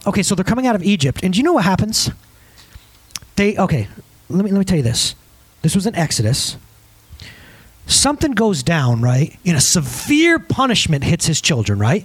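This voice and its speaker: A man's voice: on the high side, breathy edge, no echo, rough recording. A man in his thirties preaching a conversational sermon, laughing at his own asides.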